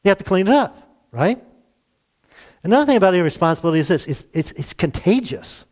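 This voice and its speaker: A man's voice: sits high, big pitch swings, brisk, a little mellow. A man preaching a Sunday sermon as pastor, talking conversationally and putting rhetorical questions to his congregation.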